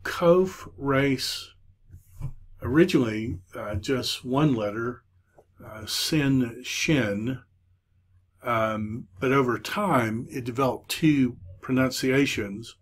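A man teaches a Hebrew lesson at an unhurried, measured pace. He stops often to hunt for words, with a voice pitched in the ordinary middle range. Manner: hesitant, many filler pauses. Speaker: Hebrew instructor. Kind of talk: recorded lecture.

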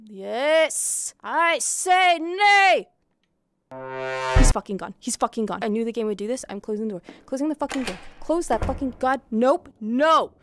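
A young woman streaming a VR horror game, jumpy and quick to yelp and swear at each scare. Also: on the high side, over music. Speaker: VTuber streamer. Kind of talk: horror game livestream commentary. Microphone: headset in VR.

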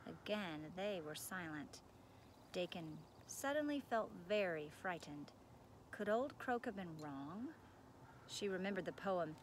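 A woman narrating a children's book aloud in a measured, gentle storytelling manner. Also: fairly low pitch, expressive, slight background noise.

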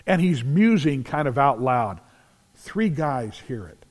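Animated preacher in a reverberant church. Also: male voice, mid-range voice, slow pace, pauses often. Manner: animated storytelling, acts out scenes, shouts at climaxes. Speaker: pastor. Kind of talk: sermon. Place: large church sanctuary.

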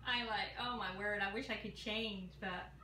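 In her echoey home kitchen, with clear background noise, a woman in her sixties gives casual cooking chat to camera. Her mid-range voice is steady and sharp at a moderate pace, and she's chatty and folksy, talking right to her audience.

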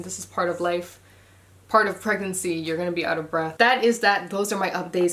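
A woman's voice: fairly low pitch, slight background noise. A young woman chatting casually in a pregnancy update vlog, a little short of breath, with loose talk and many ums. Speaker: vlogger.

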